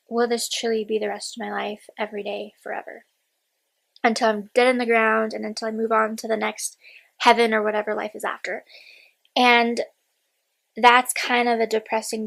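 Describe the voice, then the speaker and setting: A woman in her late twenties speaks to camera in a rambling, candid diary vlog. Her voice sits a little high for a woman. Now and then she drops into a quiet whisper. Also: gravelly, low-quality recording. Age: 20s. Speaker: vlogger.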